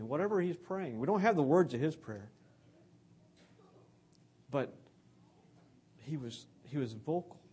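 A man's voice: fairly high pitch, expressive, measured pace, pauses often, warm tone, slightly rough. A man giving an earnest, conversational sermon about scripture.

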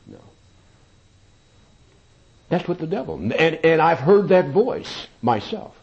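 A man preaching a sermon, emphatic, with loud peaks and quiet asides. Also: on the high side, very animated, takes it slowly, lo-fi sound.

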